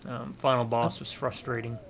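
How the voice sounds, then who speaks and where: A man's voice: medium pitch, flat delivery, moderate pace, creaky, slight background noise. A man hosting a co-op gaming stream, chatting casually and rambling into jokey asides about old games. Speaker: co-op gaming channel host. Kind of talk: casual gameplay chat.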